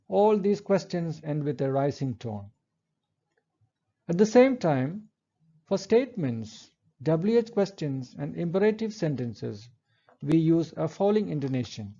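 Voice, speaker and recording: Measured male lecturer, dull lo-fi audio. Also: fairly high pitch, animated, creaky, dark tone. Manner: measured, explanatory, reads examples aloud. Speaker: English language lecturer. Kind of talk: recorded lecture.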